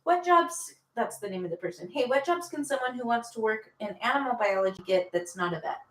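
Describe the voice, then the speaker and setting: A woman's voice: a little high, fast, distant mic. Woman co-host reading chat questions. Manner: reads comments aloud, light filler ums. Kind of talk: casual livestream chat. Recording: echoey room.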